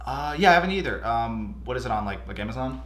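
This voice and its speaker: A man's voice: medium pitch, lively intonation, fast talker, fairly bright tone. A man acting in a comedy sketch with an exasperated, incredulous manner. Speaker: sketch actor. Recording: echoey room with music.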